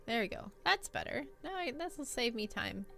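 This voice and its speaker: A woman's voice: on the high side, big pitch swings, moderate pace, gravelly, pushed and bright, soft background music. A young woman streaming a video game, chatting playfully and joking with her viewers. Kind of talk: casual gaming stream chat.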